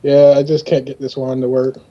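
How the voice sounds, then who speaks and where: A man playing a character in a tabletop game, talking in a hesitant, halting way. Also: mid-range voice, level tone, dull audio. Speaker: player. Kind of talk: casual tabletop game chat.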